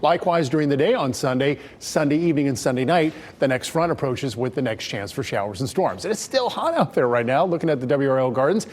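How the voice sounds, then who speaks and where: A man presenting a local TV weather forecast in a brisk, conversational way. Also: mid-range voice, lively intonation, a little mellow. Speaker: meteorologist.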